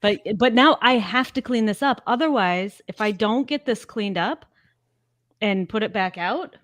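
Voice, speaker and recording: A woman's voice: mid-range voice, expressive, unhurried, a bit bright, dry recording. A woman co-hosting a casual podcast, wry and self-deprecating. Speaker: podcast co-host.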